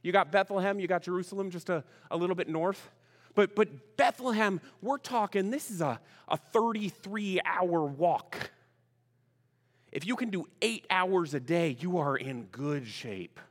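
High-voiced man preaching, long reverb. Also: expressive, a little slow. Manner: chatty, greets online viewers by name; asks the congregation questions. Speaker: pastor. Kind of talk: sermon. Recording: long reverb of a large room.

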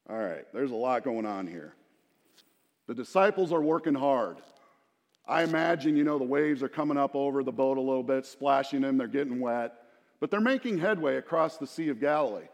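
A man's voice: medium pitch, lively intonation, a little fast, muffled recording. A middle-aged man preaching a sermon in a conversational, storytelling way, with asides to the congregation. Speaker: pastor. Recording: long hall reverb.

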